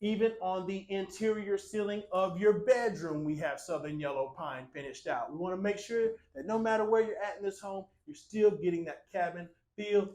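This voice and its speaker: Man, high voice, upbeat salesman tone, home tour host, talks straight to viewers. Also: normal speed, few pauses, rough recording. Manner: upbeat sales pitch, addresses viewers as ladies and gentlemen. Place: inside a small cabin-style home and on its screened porch.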